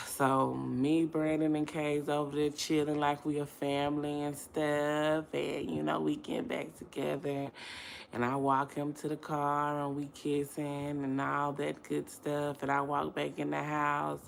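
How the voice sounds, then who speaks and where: Young woman, low and gravelly, unhurried storytime delivery to her viewers, slangy, with emotional swings between murmurs and loud laughing outbursts. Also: completely flat delivery, slight background noise. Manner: slangy, addresses viewers directly. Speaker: vlogger.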